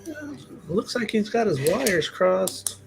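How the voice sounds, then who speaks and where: A man's voice: sits high, animated, slow pace, gravelly, noisy background. A man playing a tabletop game, dropping wry, offhand asides. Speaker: player. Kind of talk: casual tabletop play.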